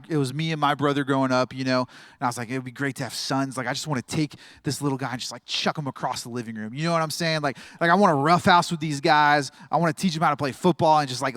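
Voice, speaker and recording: A male pastor in his thirties delivers a loose, chatty sermon full of jokes, tangents and laughter. His voice sits a touch high for a man. The sound is dry and close, with no room around it. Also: a bit bright, no room sound. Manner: chatty, joking, laughs often, rambling.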